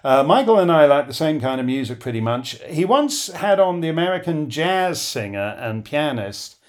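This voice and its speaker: A man's voice: fairly high pitch, very animated, normal speed. A middle-aged man hosting a live listener Q&A, sardonic and rambling, his voice beginning to give out. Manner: rambling, sardonic, with many fillers. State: losing his voice. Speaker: host.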